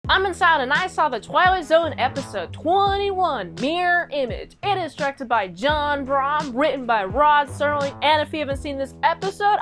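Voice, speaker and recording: High-voiced woman recapping an episode. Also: fairly bright tone. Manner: chatty, rambling, slangy. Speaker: show reviewer.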